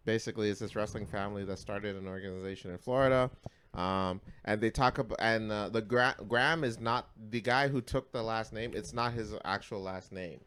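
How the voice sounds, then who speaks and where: A man co-hosting a podcast, telling a story in casual, profane, animated talk that swings between loud and mumbled. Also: on the low side, fairly quick, a little hiss or hum. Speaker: podcast co-host.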